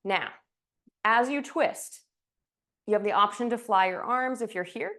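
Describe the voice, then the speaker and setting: A woman's voice: a little high, measured pace, a bit bright. A woman teaching a yoga class, giving breath cues with playful, chatty asides, at times a little out of breath. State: slightly out of breath. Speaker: yoga instructor. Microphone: clip-on mic, sometimes moved off.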